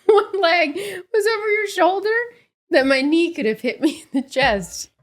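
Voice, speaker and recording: A woman's voice: very high voice, very animated, normal speed. A woman in her forties co-hosting a podcast, telling a story in casual chat with lots of laughter. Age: 40s. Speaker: podcast co-host.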